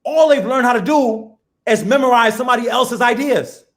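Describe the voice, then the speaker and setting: A man, a professor talking as a guest in a casual, animated, slangy way, laughing as he goes. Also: very high-pitched, moderate pace. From the Bronx, New York. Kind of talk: casual conversation.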